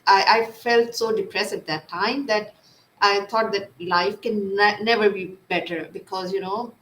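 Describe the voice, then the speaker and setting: A woman psychologist being interviewed, speaking softly with many fillers and restarts. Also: mid-range voice, fairly even intonation, a little slow. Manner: soft-spoken, frequent fillers and restarts. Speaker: guest psychologist. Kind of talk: live interview. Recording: echoey room with faint noise.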